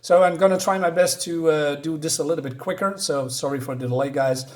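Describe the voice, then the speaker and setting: Chatty man reviewing comics, higher voice. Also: fairly quick, a little mellow. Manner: chatty, chuckles at his own jokes, many fillers. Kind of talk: casual spoken review.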